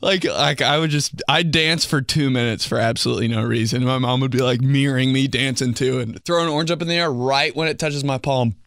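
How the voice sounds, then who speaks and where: A man's voice: medium pitch, normal speed, gravelly, a bit bright, no echo, clean studio sound. A young man hosting a comedy podcast, telling goofy stories with sudden outbursts and laughter. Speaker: podcast host.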